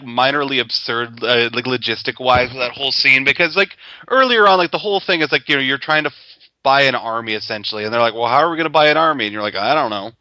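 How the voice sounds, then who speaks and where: Podcast guy with a bright, tense voice, chatty and thoughtful, kinda muffled dry mic. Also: medium pitch, no room sound. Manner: thoughtful, many likes, brief agreeing replies. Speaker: podcast co-host. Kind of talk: casual gaming podcast chat.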